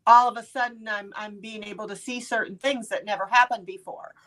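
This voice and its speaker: A woman in her fifties, chatting casually in a group and telling personal stories with lively quoted voices. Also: mid-range voice, a little fast. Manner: storytelling, animated quoted voices. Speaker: participant.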